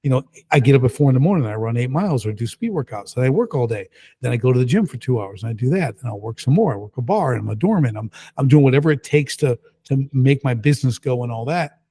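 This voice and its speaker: A middle-aged man, a podcast guest, telling his story in a casual, lively and emphatic way. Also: medium pitch, fast, husky. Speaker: guest entrepreneur.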